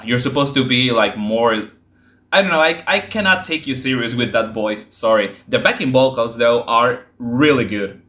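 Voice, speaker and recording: Reaction host, male, bright and sharp-toned, blunt opinions softened by apologies, roomy echo. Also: mid-range voice. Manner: candidly critical, quick to apologize. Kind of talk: casual reaction commentary.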